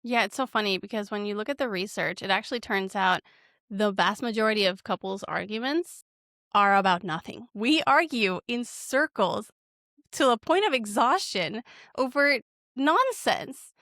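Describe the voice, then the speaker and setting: A woman therapist in her thirties or forties, chatting on a podcast and acting out quoted lines with lively shifts. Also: on the high side, moderate pace, no echo, clean studio sound. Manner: animated, acts out quoted lines. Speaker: marriage and family therapist guest. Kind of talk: casual podcast conversation.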